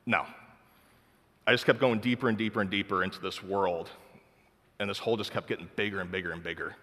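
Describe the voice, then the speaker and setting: A young man speaks with a somewhat low voice, recounting his personal testimony in a relaxed, heartfelt way, leaning on "like" as he goes. His words ring out with a long hall reverb. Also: quick pace. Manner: casual, heartfelt storytelling full of "like".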